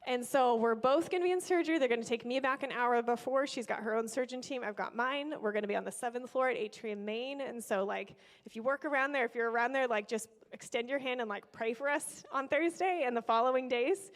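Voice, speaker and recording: Excitable woman sharing a story. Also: on the high side, fairly quick, few pauses. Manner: excitable, animated, with bursts of praise. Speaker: vlogger and kidney donor. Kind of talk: casual faith-filled storytelling.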